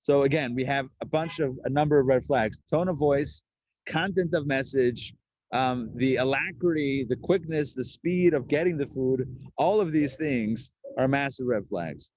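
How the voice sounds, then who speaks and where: A man, a rabbi, teaching a live Torah class in a chatty, lively way and acting out the people he quotes. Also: mid-range voice, normal speed, no room sound.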